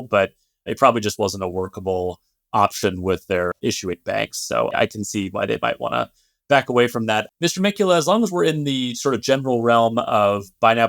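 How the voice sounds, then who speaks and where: A man's voice: medium pitch, vocal fry, no echo. Conversational male podcast host, dry sound. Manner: relaxed, conversational, hedging with fillers. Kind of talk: casual podcast chat.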